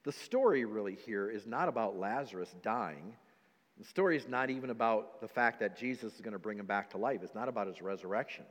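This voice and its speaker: A man's voice: fairly low pitch, expressive, a little fast. Male preacher, scripture reading, acts out voices, reverberant church hall. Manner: acts out voices of listeners in the story; reads scripture aloud in old-fashioned wording. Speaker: pastor. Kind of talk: sermon.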